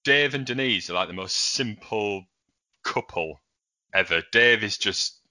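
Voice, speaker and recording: Young guy on a podcast, low voice but really bright and sharp, animated chat. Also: a little slow. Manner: animated, laughs while retelling scenes. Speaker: podcast co-host. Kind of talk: casual chat.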